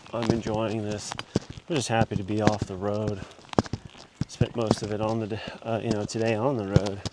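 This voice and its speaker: A man chatting casually while out on a long-distance hike. He rambles in a relaxed way with plenty of fillers, talking into a small body-worn mic. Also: on the low side. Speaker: long-distance hiker vlogging his walk. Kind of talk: casual walking vlog. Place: outdoors on a lochside walking trail. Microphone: small body-worn mic with gear knocking on it. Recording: loud outdoor noise with thumping on the mic.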